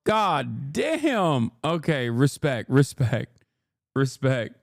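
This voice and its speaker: A man's voice: medium pitch, big pitch swings, very slow, creaky, no echo, clean studio sound. Profane, combative male streamer. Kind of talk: livestream reaction commentary.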